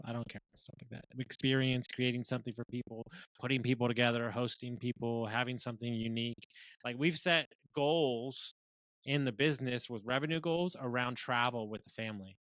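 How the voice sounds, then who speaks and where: A man's voice: medium pitch, steady tone, brisk, a bit bright, dry recording, low-quality recording. A man hosting a podcast, chatting casually and affirming his guest, often restarting his sentences. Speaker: podcast host. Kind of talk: casual interview chat.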